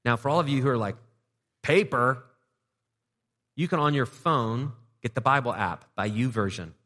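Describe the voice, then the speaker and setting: A man's voice: medium pitch, fairly quick, a bit bright. A man preaching a sermon as pastor in a loose, conversational way with playful asides. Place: church sanctuary. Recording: reverberant church hall.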